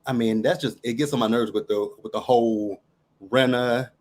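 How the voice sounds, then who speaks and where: A man's voice: medium pitch, steady tone, normal speed, a little mellow, a little hiss or hum. Emphatic man firing off questions. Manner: emphatic, fires off rhetorical questions. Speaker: caller. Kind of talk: casual chat.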